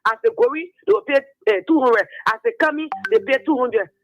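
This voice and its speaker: A man's voice: extremely high pitch, sing-song, fairly quick, fairly bright tone, highs cut off. A man with a Liberian English accent calling a radio show to complain, insistent and repetitive. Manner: insistent, repeats himself. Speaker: caller. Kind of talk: call-in complaint. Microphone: phone.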